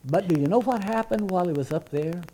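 A man's voice: sits high, fast talker, dark tone, poor audio. A man preaching a sermon as pastor, earnest and conversational, often restarting his words.

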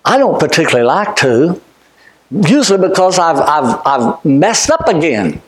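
A man preaching a fervent sermon. He shouts some points, drops to quiet asides for others, and often repeats or restarts his words. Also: a little high, wildly swooping pitch, normal speed. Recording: echoey room.

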